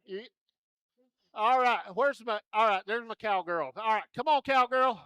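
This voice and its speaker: At a rodeo arena, an entertainer with a strikingly high, bright, forceful voice works the crowd while running a kids' contest. He speaks slowly and clearly in a folksy, joking manner, coaxing children along, with close, dry sound and no echo.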